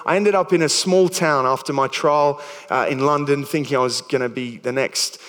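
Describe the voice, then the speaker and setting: A man's voice: medium pitch, normal speed, a bit bright, clear, resonant tone, long reverb tail. A man in his thirties with an Australian accent, preaching a sermon in a chatty, stumbling way with self-deprecating jokes. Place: church hall.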